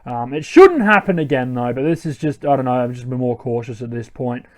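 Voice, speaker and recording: A man's voice: mid-range voice, expressive, a little fast. Rambling man narrating his gameplay. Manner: rambling, self-correcting, thinks aloud. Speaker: let's play host. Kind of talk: casual gameplay commentary.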